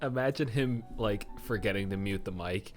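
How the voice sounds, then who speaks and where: A man's voice: fairly low pitch, moderate pace, soft background music. A young man co-hosting a casual comedy podcast, swearing freely, laughing often and reading a story aloud. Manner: crude, laughing, reads a story aloud and acts out voices. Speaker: podcast co-host.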